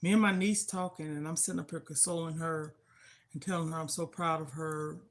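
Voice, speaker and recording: An older woman hosting a livestream tells an emotional personal story of loss, heartfelt and grieving but sometimes turning indignant. Her voice is low-pitched and steady, and she speaks briskly.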